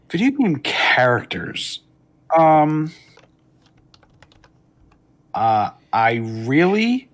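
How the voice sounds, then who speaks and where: A man as a guest in a casual interview, rambling and thinking aloud with many fillers. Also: mid-range voice. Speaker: guest, streamer.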